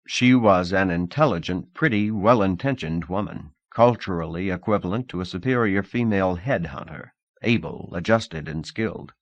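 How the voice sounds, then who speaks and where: A man narrating a novel in a measured, expressive audiobook reading. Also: low-pitched, dry recording.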